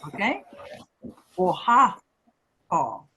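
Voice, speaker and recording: Very slow, husky-voiced language teacher. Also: medium pitch, big pitch swings, pushed and bright, highs cut off. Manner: drills words by slow repetition; patient, checks understanding with "okay?" and "remember". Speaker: Hebrew teacher. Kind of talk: classroom lecture.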